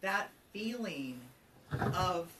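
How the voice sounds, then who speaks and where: A man's voice: sits high, lively intonation, drawn-out words, distant mic. A man of almost fifty from Colorado, a trans advocate, talking openly as an interview guest, loose and chatty with lots of ums and asides. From Colorado, USA. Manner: open and conversational, many ums and asides. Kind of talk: candid personal storytelling. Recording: from slightly off mic with faint ambient noise.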